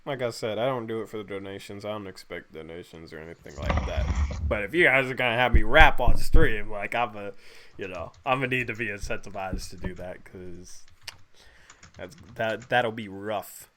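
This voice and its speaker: A man's voice: fairly low pitch, moderate pace, background noise. A young man hosting a casual livestream, joking in slangy, laid-back talk and thanking viewers for donations. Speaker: host.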